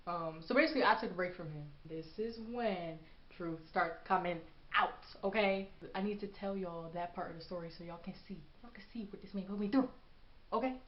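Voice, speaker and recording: A young woman telling a personal story in a casual vlog, animated and sassy as she acts out what people said. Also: on the low side, a little fast. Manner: animated, acts out quotes with sass. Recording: echoey room, dull lo-fi sound.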